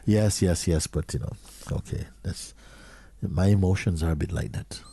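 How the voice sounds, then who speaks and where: Low mellow guy, husky, spiritual talk, slow and questioning, dry sound. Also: fairly even intonation, no room sound. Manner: slow, questioning, drops to a near whisper. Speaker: spiritual teacher.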